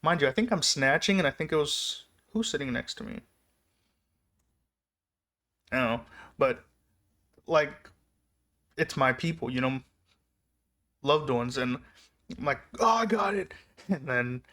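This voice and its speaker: A young man casually telling personal stories in a rambling way, laughing often and getting excited as he recalls them. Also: mid-range voice, normal speed, pauses often. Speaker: vlogger. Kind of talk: casual storytelling.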